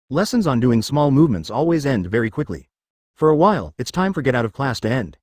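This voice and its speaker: A man reading a translated anime fan fiction aloud in a flat, literal way. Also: mid-range voice, fast, dry recording, studio quality. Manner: flat, literal delivery that reads symbols aloud. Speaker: narrator.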